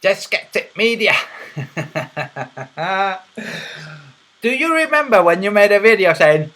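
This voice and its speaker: A man's voice: sits high, big pitch swings, slow pace, long pauses, sharp tone, rough recording. A man hosting a livestream, casually reading chat and teasing viewers with a mocking, laughing manner. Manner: teasing, mocking, laughs at his own jokes.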